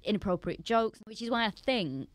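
A woman's voice: medium pitch, animated, moderate pace, dry recording. A woman with a Northern English accent, chatting as a comedian guest on a podcast, self-mocking and laughing often. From Northern England. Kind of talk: casual podcast chat.

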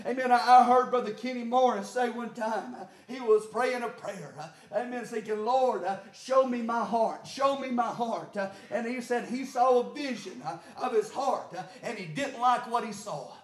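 High-voiced preacher man with many "uh"s. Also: moderate pace, few pauses, reverberant. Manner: frequent "uh" and "amen" fillers, rising to shouted climaxes. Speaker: pastor. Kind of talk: sermon.

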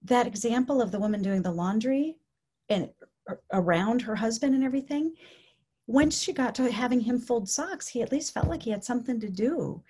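A woman's voice: on the high side, moderate pace, breathy edge. Conversational woman presenting on dementia care. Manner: conversational, often checking in with "okay?"; acts out quoted speech in lively voices. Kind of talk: educational presentation.

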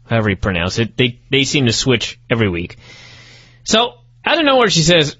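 A man's voice: mid-range voice, big pitch swings, a little fast, bright, forceful tone. A man hosting a podcast, recapping a wrestling show in a mocking, profane storytelling way. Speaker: podcast host. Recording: dull lo-fi podcast audio.

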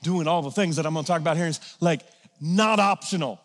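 A pastor with a notably high voice preaches fast in an energetic, conversational style, slipping into quiet asides before surging into emphatic shouts. A long reverb from a large church sanctuary surrounds his words.

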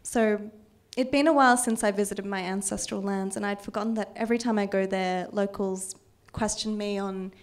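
A young woman whose first language is Vietnamese, giving a reflective personal talk at an art event, measured and dotted with ums. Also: medium pitch, steady tone. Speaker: artist giving a public talk.

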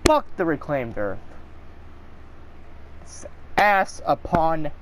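A man's voice: fairly high pitch, very animated, a little slow, slight background noise. A man giving live gameplay commentary, swearing and ranting angrily at the game. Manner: profane, angry ranting at the game. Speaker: gaming video creator.

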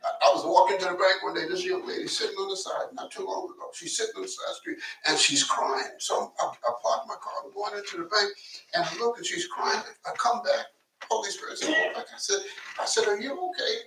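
Guy preaching a sermon, kinda high bright voice, storytelling style, echoey church mic from far off. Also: huge pitch swings, fast, gravelly. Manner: conversational storytelling preacher, repeats words, asks the congregation to listen. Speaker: pastor. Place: church sanctuary. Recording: echoey church from a distance, faint hiss.

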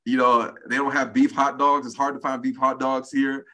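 A man's voice: medium pitch, moderate pace. A man in his forties, a podcast guest chatting casually and acting out quoted speech as he tells stories. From United States. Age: 40s. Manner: animated storyteller, acts out quoted speech. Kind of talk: casual conversation.

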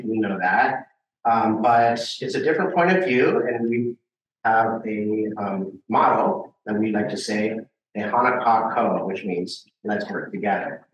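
A man's voice: fairly low pitch, unhurried, highs cut off, a little hiss or hum. A man from Hawaii giving a casual, hesitant slide talk for a think tank at a meeting. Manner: casual, hesitant with many fillers. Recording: roomy and distant from the mic.

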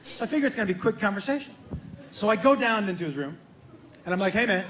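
A man doing stand-up, telling a story in an animated, profane way and acting out both sides of a conversation, on a stage before a live audience. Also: sits high, fast talker, echoey room, a little hiss or hum. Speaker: stand-up comedian.

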